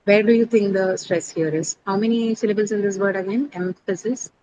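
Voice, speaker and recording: A woman's voice: medium pitch, a little fast, highs cut off. A woman teaching an online pronunciation lesson. She explains step by step, asks questions and answers them herself, and repeats key words for emphasis. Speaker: English teacher. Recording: steady background noise.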